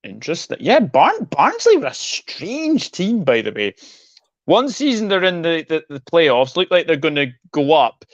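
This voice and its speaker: A man's voice: a little high, moderate pace, no echo. A man hosting a casual football chat and reading out viewer comments. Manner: relaxed, reads out viewer comments. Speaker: host. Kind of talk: casual video call chat. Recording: dull lo-fi audio.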